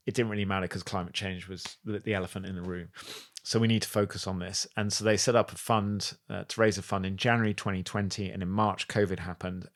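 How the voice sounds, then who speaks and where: A man guesting on a podcast, telling stories with enthusiasm in a casual conversational way, often restarting his sentences. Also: lowish voice.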